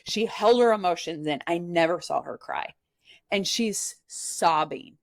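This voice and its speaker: A woman's voice: fairly low pitch, unhurried, no room sound, studio quality. A woman from Nebraska, a podcast guest, tells a personal story in an earnest, candid way and often says "like" as a filler. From Nebraska, USA.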